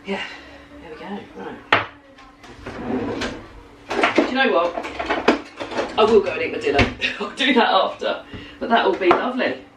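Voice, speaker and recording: A woman's voice: mid-range voice, expressive, a little slow, long pauses, heavy background noise. A woman in her thirties chatting casually in a home vlog, rambling and giggly. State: slightly snotty with a cold. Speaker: vlogger. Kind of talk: casual chat. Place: home kitchen.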